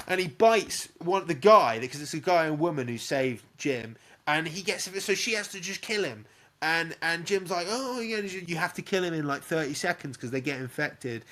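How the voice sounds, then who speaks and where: A young man recapping a film for his co-hosts in loose, profane pub-chat style. He tells it in a rush, dropping in shouted cries and bits of dialogue as he goes. His voice sits a little on the high side. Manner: sweary, animated retelling with little sound effects. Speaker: podcast co-host.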